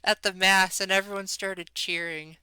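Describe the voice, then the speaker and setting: A woman's voice: mid-range voice, fairly even intonation, normal speed, pushed and bright, clear, resonant tone, no room sound, rough recording. A woman interviewing a friend in a casual chat, telling stories and asking questions. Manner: friendly, storytelling, asks questions.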